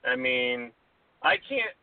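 A male podcast co-host chats casually in a slow, gravelly voice of medium pitch with big pitch swings, laughing often and restarting his sentences. The sound is dry and tinny, like a phone, with no echo.

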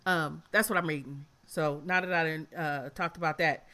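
This is a frank, blunt woman in her fifties hosting a casual podcast chat. Her voice sits a little low. She swears freely and sounds emotional, close to tears. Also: steady tone, moderate pace, bright, forceful tone. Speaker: podcast host.

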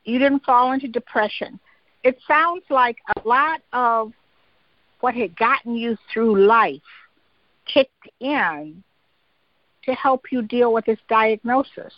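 A woman's voice: fairly high pitch, takes it slowly, no echo, lo-fi sound. A woman hosting an interview, speaking in an empathetic, conversational way with many fillers. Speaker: interview host.

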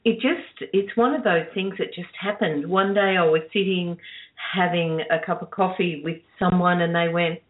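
A woman's voice: fairly low pitch, normal speed. An older woman, a radio producer being interviewed, telling stories in a chatty way and laughing often. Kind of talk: casual interview chat. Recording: tinny phone line.

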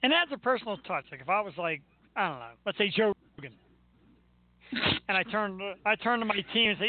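A man hosting a radio talk show, telling animated stories with playful asides. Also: high-pitched, brisk. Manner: animated storyteller, playful voices in anecdotes. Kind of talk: casual radio banter. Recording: tinny phone-like line.

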